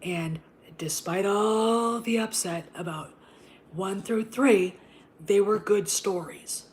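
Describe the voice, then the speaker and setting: A woman host delivers an unscripted, profane rant at a mid pitch. She repeats herself for emphasis. She swings between a breathy unvoiced whisper and sudden loud bursts. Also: takes it slowly. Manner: drops to an unvoiced whisper and back. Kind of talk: ranting casual commentary.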